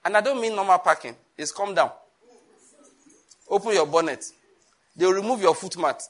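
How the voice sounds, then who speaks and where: A man with a Nigerian accent preaching a sermon, animated, acting out voices and laughing often. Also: high-pitched, moderate pace. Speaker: pastor.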